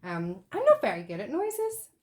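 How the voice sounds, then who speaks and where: A woman's voice: fairly high pitch, wildly swooping pitch, moderate pace. A woman with a son, co-hosting a podcast, playful and teasing in casual chat. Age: adult, a parent. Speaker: podcast co-host.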